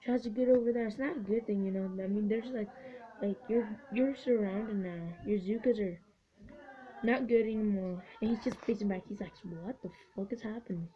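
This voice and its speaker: A woman giving excitable, swearing let's-play commentary, cheering on her units. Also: mid-range voice, moderate pace. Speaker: gamer. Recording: dull lo-fi recording with faint hiss.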